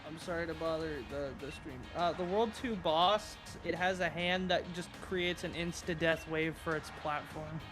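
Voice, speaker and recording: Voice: medium pitch, normal speed, few pauses, music in the background. A co-streamer chatting in casual banter, joking crudely and swearing freely.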